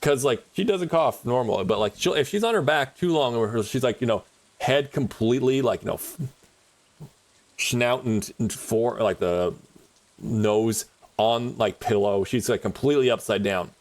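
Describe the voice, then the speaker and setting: A man's voice: medium pitch, moderate pace. A man streaming a game, chatting casually and rambling with frequent laughs. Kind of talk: casual chat while gaming.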